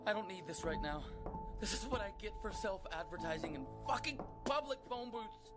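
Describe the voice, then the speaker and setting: A man voicing a panicked character in a video game, frantic and swearing, whisper-shouting as he pleads for help. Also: high-pitched, lively intonation, normal speed. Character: panicked man hiding from a killer. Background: loud music.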